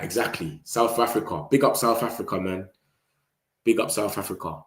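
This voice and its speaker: A man's voice: lowish voice, moderate pace, reverberant. A young man with a London accent chatting casually about football to his live audience, slangy and loose, now and then mimicking rival fans. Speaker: football fan channel host. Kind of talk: casual live-stream chat.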